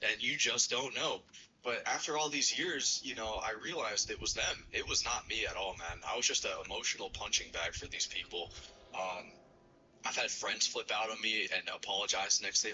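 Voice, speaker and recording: A man's voice: on the low side, lively intonation, fairly quick, sharp tone, highs cut off, a little hiss or hum. A man in his thirties from New York City, rambling through profane personal stories on his stream with many fillers. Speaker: streamer host. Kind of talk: casual storytelling on a stream.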